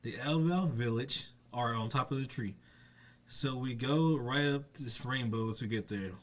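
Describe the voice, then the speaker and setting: A man's voice: medium pitch, fairly bright tone. A young man reviewing an anime chapter in a casual, rambling way. He laughs often and acts out the characters' lines in playful voices.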